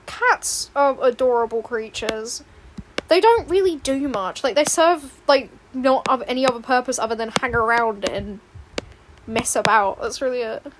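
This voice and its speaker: A woman's voice: on the high side, normal speed, background noise. A young woman chatting casually with viewers while she draws, rambling with laughing asides. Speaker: streamer and artist. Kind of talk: casual chat while drawing. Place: home room, indoors.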